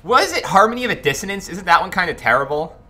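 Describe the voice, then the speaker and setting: A man's voice: high-pitched, sing-song, fast talker, bright, forceful tone. A man chatting casually while streaming a game, greeting viewers and reacting to it. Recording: game music playing behind. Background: faint game music.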